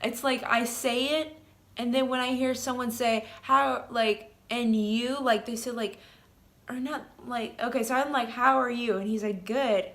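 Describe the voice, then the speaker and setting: A woman's voice: fairly high pitch, fairly even intonation, unhurried, fairly bright tone. A young woman vlogging casually, telling a story in a rambling way full of "like" and "um", with giggles.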